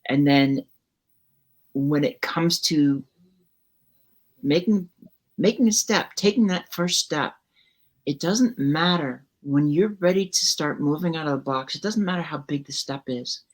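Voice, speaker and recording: A woman hosting her live talk show, speaking in a reflective, encouraging and measured way. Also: sits low. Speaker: show host. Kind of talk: casual live show chat.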